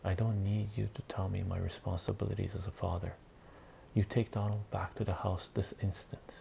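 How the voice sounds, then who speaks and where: A man's voice: deep voice, level tone, moderate pace, gravelly, mellow, a little hiss or hum. A man voicing a firm, stern farm father in a whispered role-play comic reading. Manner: firm, clipped. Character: stern father fixing a bull's stall.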